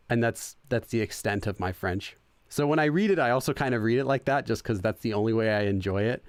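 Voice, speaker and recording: A man's voice: on the low side, quick pace, no echo. A young man hosting a casual let's-play, chatting, laughing often and translating game text as he goes. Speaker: gaming channel host.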